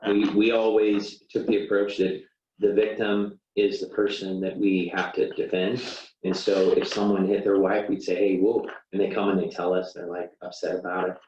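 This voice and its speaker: A man's voice: low-pitched, flat delivery, normal speed, darkish tone, slight background noise. A man teaching a classroom lesson, talking casually, acting out sample apologies with plenty of "you know"s. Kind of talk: classroom lecture. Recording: roomy, dull classroom recording from far off.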